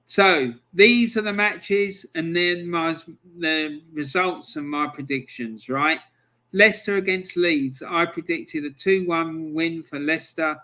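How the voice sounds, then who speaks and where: A man's voice: fairly high pitch, pushed and bright. A man hosting his own football review channel, talking alone in a chatty, exasperated, bantering way. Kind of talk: solo football review talk.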